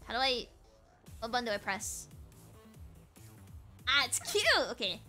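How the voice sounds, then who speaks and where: A young woman streamer plays through a game live, reading its dialogue aloud and joking about herself as she goes. Her voice sits high and bright, with pitch that leaps around as she chatters. Faint game music plays softly behind her. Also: a little slow, long pauses. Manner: giggly, playful, self-mocking. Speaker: VTuber streamer.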